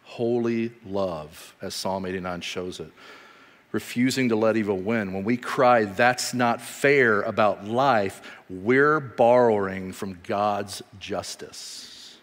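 A pastor in his thirties, lowish in voice, delivers a sermon in a hall full of reverb. He tells stories with animation, shifting between loud outbursts and quiet, slow emphasis.

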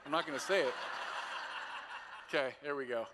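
Man, 40s, pastor preaching; bright tone, casual self-mocking anecdotes, long hall reverb. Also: on the high side, moderate pace, a little hiss or hum. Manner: casual, self-deprecating storytelling. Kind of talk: sermon.

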